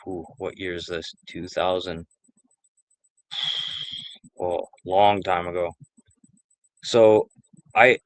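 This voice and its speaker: Rambling, foul-mouthed man with a lowish voice. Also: dry recording. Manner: rambling, profane storytelling. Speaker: streamer. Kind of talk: casual chat.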